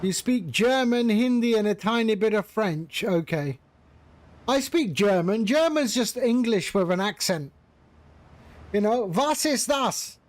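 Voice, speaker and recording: Chatty high-voiced man streaming a flight sim. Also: lively intonation, a little slow, darkish tone. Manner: chatty, greets chat by name, jokey. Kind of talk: casual live-stream chat with viewers.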